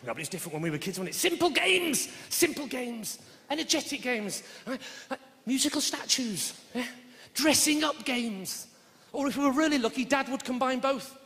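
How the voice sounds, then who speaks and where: Brash sweary comedian on stage. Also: male voice, extremely high pitch, expressive, moderate pace. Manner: brash, sweary, shouts punchlines. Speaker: stand-up comedian. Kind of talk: live stand-up routine. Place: large theatre with audience. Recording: reverberant live hall with audience noise.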